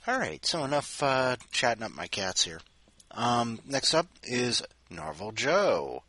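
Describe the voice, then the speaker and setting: A man hosting a podcast in a casual chat, talking softly to his cats between segments. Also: mid-range voice, big pitch swings, unhurried. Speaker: podcast host.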